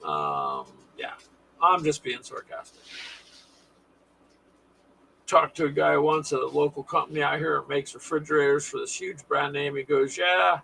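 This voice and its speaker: A man's voice: on the high side, expressive, normal speed, creaky, pauses often, fairly bright tone, slight background noise, poor audio. A man hosting a casual live stream, chatting with viewers in a folksy, sarcastic way.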